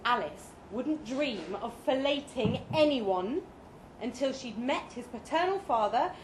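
Slow, dry-voiced woman reading aloud. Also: fairly high pitch, lively intonation. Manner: dry, deliberate comic delivery with pointed pauses. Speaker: reader at a live fiction night. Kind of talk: live comic story reading, first person. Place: pub function room with live audience. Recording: echoey live room, faint noise.

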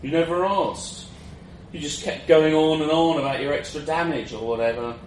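A man's voice: on the high side, steady tone, normal speed, a little mellow, voice pushed up, close to an everyday voice. Man voicing a blunt elf warrior woman, dry dismissive tone, roomy echo, noisy background.

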